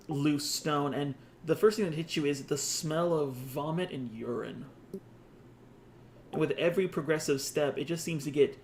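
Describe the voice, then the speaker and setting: A man's voice: on the high side, slight background noise. A man running a tabletop game as game master, describing scenes with asides and restarts.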